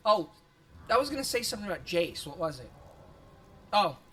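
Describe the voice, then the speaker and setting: With big pitch swings and a slightly fast, somewhat bright medium-pitched voice, a streamer chats over a game. The casual commentary is rambling, heavy on swearing and laughter, and tinged with self-consciousness about their voice.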